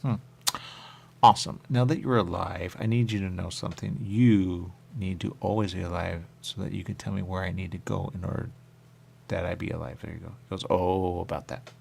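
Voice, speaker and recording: A man hosting a radio show, rambling through a spiritual monologue with a repeated refrain and sudden high voices when he quotes others. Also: fairly even intonation, fairly quick, vocal fry, darkish tone, breathy edge. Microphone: radio studio mic.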